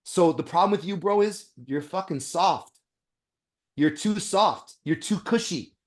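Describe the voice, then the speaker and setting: A man who is a dentist, a guest on a podcast interview, talking bluntly with profanity and animated storytelling. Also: high-pitched, unhurried.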